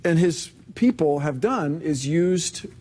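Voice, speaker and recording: Man in an interview, mellow voice a bit high, calm and explaining things. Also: takes it slowly. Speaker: interview guest. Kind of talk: conversational interview.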